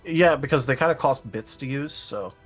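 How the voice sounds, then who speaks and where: A man narrating as game master in a tabletop game, in a relaxed, unhurried way. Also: mid-range voice, slightly rough, soft background music.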